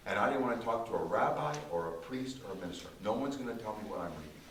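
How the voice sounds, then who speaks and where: Low-pitched man speaking in a church, emphatic and repetitive, picked up from a distance in a reverberant room. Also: animated, fairly bright tone. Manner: emphatic, repetitive, with dramatic slow phrasing. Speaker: concert pianist giving a testimony. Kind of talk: church testimony talk. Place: small church. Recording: roomy distant church recording with faint hiss.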